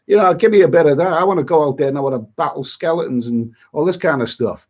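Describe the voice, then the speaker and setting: A man's voice: a little high, fast talker, a little mellow, muffled recording. A middle-aged man on a livestream, chatty and exasperated, rambling with many repeats and asides. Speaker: travel vlogger on a livestream.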